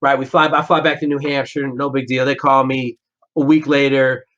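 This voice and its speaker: A former Navy SEAL appears as a podcast guest, telling a story bluntly and profanely while acting out the dialogue in a casual interview. His voice is medium in pitch, a bit bright, with a flat delivery at normal speed. The podcast audio is lo-fi and slightly dull.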